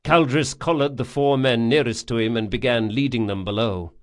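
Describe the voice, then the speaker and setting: A man's voice: mid-range voice, moderate pace. A man reading a fantasy novel aloud as a scripted audiobook narration.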